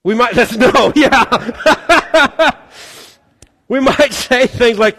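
High-voiced pastor in an echoing hall. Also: male voice, slow, bright, forceful tone. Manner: conversational, jokey, acts out quoted voices. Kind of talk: sermon. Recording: long hall reverb.

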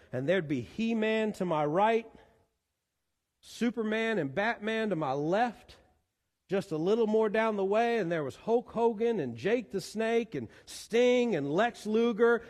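A pastor, preaching a sermon in animated style with pleading repetitions. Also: male voice, high voice. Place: church sanctuary. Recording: long church hall reverb.

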